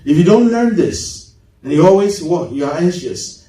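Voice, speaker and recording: A man preaching a sermon as pastor, swinging his pitch sharply and mimicking congregants. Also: animated, a little fast, dark tone. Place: large church hall. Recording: echoey hall, mic at a distance.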